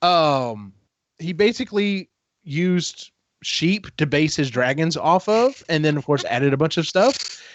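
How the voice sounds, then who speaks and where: A man with a fairly high voice talks through a book's plot in a casual chat, slipping into quick character quotes as he goes. The recording is dry and a little muffled, with a lo-fi edge. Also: no echo. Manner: animated storytelling, acts out quotes. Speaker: podcast host. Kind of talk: casual book discussion.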